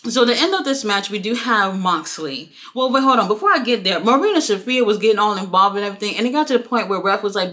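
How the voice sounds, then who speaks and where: A woman's voice: medium pitch, fairly quick, few pauses. A woman giving a casual, profane wrestling review, acting out the quotes. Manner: animated, profane, acts out quotes.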